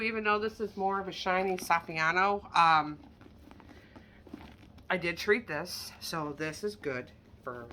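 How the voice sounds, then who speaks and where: Bright, chatty woman showing off handbags. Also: low-pitched, a little hiss or hum. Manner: chatty, candid and self-deprecating, with asides. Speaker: online handbag reseller. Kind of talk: casual product showcase vlog.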